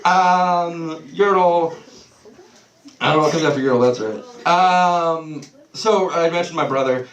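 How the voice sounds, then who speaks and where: In a small comedy club, a male stand-up comic with a somewhat high, fairly bright voice and an unhurried delivery works loosely through his set, swearing, losing his place and laughing it off. He's picked up off-mic, so the sound is roomy and distant.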